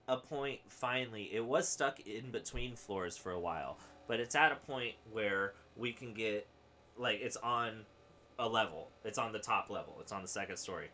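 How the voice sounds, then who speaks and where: A young man hosting a comedy podcast, rambling through a story and acting out the other people in it. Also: a little hiss or hum. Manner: animated, acts out quoted voices with big pitch jumps. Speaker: podcast host. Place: home studio with a whiteboard.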